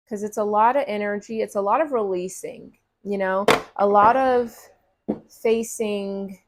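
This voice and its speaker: Woman, tarot reader, casual spiritual chat, reassuring, conversational, drawn-out pauses, middle pitch.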